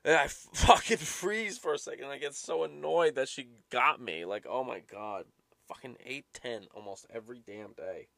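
A man's voice: mid-range voice, normal speed, creaky, fairly bright tone, dry recording, studio quality. A young man ranting casually and profanely as a podcast host, exasperated and swearing often. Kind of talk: casual rambling rant.

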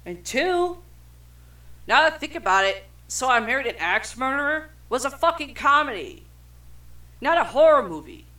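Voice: high-pitched, sing-song, normal speed, bright, forceful tone. A young adult podcast co-host reading film trivia aloud in casual chat, swearing freely and stumbling over words.

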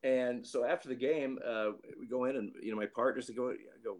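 A man's voice: mid-range voice, fairly even intonation, brisk, a little mellow. A man in his late fifties, a retired baseball umpire, telling stories in a rambling way with frequent restarts and chuckles. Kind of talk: anecdotal storytelling.

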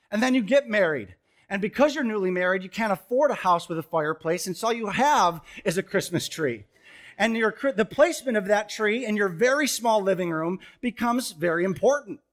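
A man in his thirties preaches from a church stage in a fairly high voice. He tells stories with a joking touch and breaks into sudden loud bursts. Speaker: pastor. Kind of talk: sermon with storytelling. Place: church stage before a congregation.

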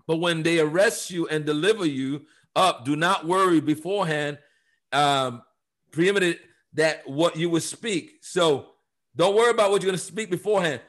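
Moderately paced and fairly high in pitch, this man's podcast Bible teaching is forceful and sermon-like; he reads passages of scripture and at times raises his voice to a shout.

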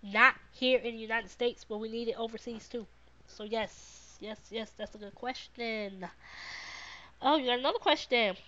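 A woman's voice: a little high, moderate pace, muffled recording. A woman podcast host, talking casually to her live viewers, repeating words of encouragement and answering their comments. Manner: warm, repetitive encouragement, reads viewer comments.

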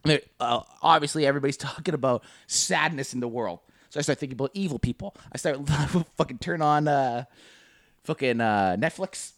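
A man's voice: medium pitch, fairly quick, dry recording, clean studio sound. A young man co-hosting a podcast, talking in crude, rambling banter with frequent laughs. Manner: profane, rambling, laughs often, mocking voices. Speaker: podcast co-host.

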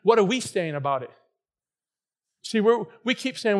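A man preaching a fervent sermon, his delivery swinging from quiet, earnest passages to loud, near-shouting bursts. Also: sits high, animated, moderate pace. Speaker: pastor.

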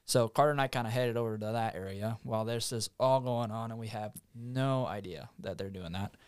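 A man's voice: fairly low pitch, a little fast, clear, resonant tone, no echo. A man, a podcast guest, telling a hunting story in a loose, rambling way with fillers. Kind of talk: casual storytelling.

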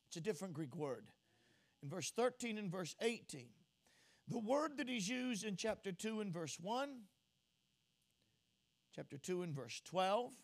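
A man preaching an expository sermon. He repeats key phrases for emphasis and swings between loud, emphatic peaks and quiet teaching asides. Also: high voice.

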